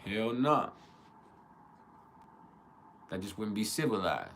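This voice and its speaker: Man on an astrology vlog: low, bright, forceful voice, crude humor, laughs a lot. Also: big pitch swings, slow pace, slight background noise. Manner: profane, joking, laughs often; acts out quotes in other voices. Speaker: astrology teacher. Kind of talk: casual monologue on astrology.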